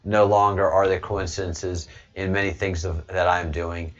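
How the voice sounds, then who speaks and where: Rambling low-voiced male livestream host. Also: level tone, moderate pace, dull audio. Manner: rambling, with frequent restarts and fillers. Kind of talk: casual monologue to viewers.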